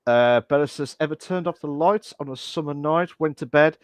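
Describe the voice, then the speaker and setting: A man's voice: a little high, normal speed, clean tone, dry recording. Laid-back man co-hosting a podcast. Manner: laid-back, swears casually. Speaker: podcast co-host. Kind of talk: casual chat.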